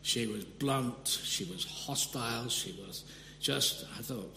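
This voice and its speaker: Earnest preacher in an echoey hall. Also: male voice, mid-range voice, expressive, unhurried, a bit bright. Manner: earnest, with frequent restarts and sudden emphatic rises. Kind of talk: sermon. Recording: echoey hall with long reverb, faint hum.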